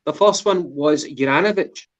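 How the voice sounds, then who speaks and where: A man's voice: a little high, moderate pace. A man from England co-hosting a football podcast, reviewing a match in casual, swearing, teasing banter. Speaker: podcast co-host. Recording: lo-fi muffled audio.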